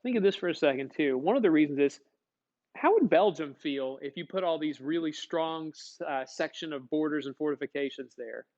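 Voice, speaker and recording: A man's voice: on the high side, normal speed, a little mellow. Guy teaching history class, folksy, keeps asking the kids questions, kinda muffled lo-fi sound. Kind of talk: classroom lecture.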